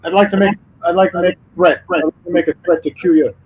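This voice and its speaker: A man's voice: high voice, steady tone, fast talker, a little mellow, slightly rough, dull audio. A man joining a livestream chat, cutting in with mock threats in a jokey way. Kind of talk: casual chat.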